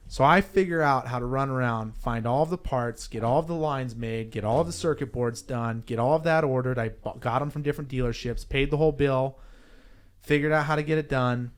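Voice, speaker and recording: A young adult man, a podcast guest, tells a story casually in an animated, rambling way, restarting and correcting himself. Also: mid-range voice, fairly quick, smooth.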